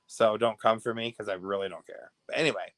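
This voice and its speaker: A man's voice: fairly low pitch, steady tone, brisk, no echo. Chatty gossiping American man, dry sound. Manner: chatty, gossipy, laughs often, swings from hushed to loud. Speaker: livestream host. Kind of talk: casual chat reacting to viewer comments.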